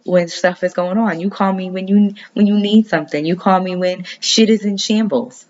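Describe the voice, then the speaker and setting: Woman playing a gently scolding mother, raised pitch, lo-fi audio. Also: steady tone, normal speed, natural voice. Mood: reproachful. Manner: reproachful.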